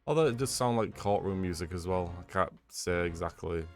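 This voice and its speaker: A man's voice: deep voice, fairly quick. A British man streaming a game, making frank, joking asides in casual commentary. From Britain. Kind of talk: casual commentary while playing. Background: game music.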